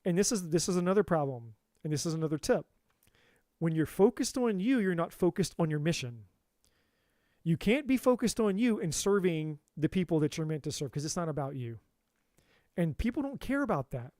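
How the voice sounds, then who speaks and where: A man's voice: sits high, a little mellow, dry recording, studio quality. A man in a casual livestream monologue as a tarot reader and coach, candid and profane, repeating himself for emphasis into a phone.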